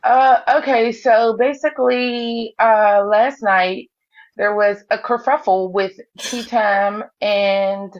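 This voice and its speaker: A woman recapping online drama in a casual, animated way, jumping her voice up to act out what others said. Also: slow pace, highs cut off. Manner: animated storyteller who jumps up in pitch to act out quotes. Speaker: live-stream gossip host.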